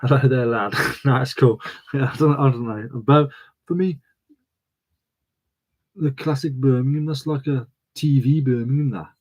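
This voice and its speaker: A man's voice: mid-range voice, a little slow, long pauses, darkish tone. A man hosting a live stream, joking around and reading out viewers' comments in casual banter. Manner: jokey, reads viewer comments aloud and banters. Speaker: channel host streaming live.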